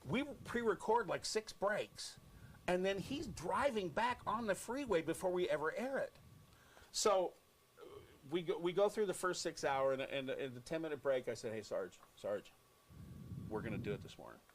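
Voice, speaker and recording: A man with an American accent, a radio host telling an animated story on air and acting out quoted lines. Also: high voice, normal speed, a little hiss or hum.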